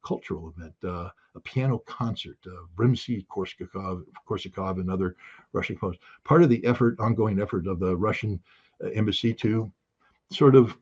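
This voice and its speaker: Man ranting emphatically, keeps repeating his point, raspy voice, muffled lo-fi sound. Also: low voice, moderate pace. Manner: emphatic and forceful, repeats key phrases. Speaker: political commentator. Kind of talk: impassioned spoken commentary.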